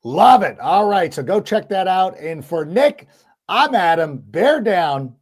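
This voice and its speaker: Animated sports podcast host, man. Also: high voice. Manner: animated, quick, acts out quoted lines. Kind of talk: casual sports chat.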